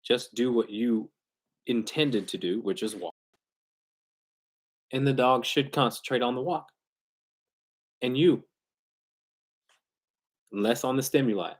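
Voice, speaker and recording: This dog trainer runs a casual live Q&A, full of slang and restarts, over a glitchy internet stream. He speaks slowly at a medium pitch, leaving long pauses.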